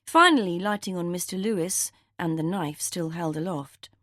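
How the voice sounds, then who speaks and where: A woman narrating a cozy mystery audiobook in a measured, even storytelling manner. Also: lowish voice, no echo, studio quality.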